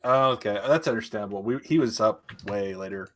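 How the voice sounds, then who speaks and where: A man's voice: fairly low pitch, brisk. A young adult man, a co-host on a casual livestream, who swears freely and rants, then apologizes. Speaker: podcast co-host.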